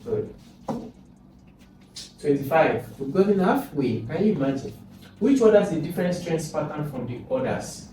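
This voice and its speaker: A man's voice: on the high side, lively intonation, normal speed, pauses often, mellow. A man, coaching students through exam questions and asking and answering his own questions. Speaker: exam prep tutor. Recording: echoey room, distant mic, noisy.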